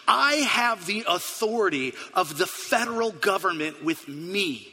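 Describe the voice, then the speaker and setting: A preacher doing a bossy federal drug agent. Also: male voice, high voice, lively intonation, pushed and bright, a little hiss or hum, heavily acted. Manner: slow, commanding, officious. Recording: long hall reverb.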